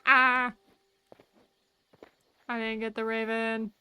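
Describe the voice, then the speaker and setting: A woman's voice: mid-range voice, lively intonation, measured pace, a bit bright. A young woman streaming a game, chatting casually to herself and to the creatures she meets. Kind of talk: casual gameplay commentary.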